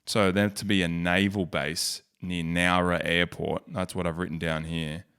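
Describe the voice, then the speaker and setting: Australian male vlogger, low voice, jokey, self-mocking, off-the-cuff commentary. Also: flat delivery, a little slow, fairly bright tone, clear, resonant tone. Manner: joking, rambling, self-mocking. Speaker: YouTube host. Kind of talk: casual screen-share commentary.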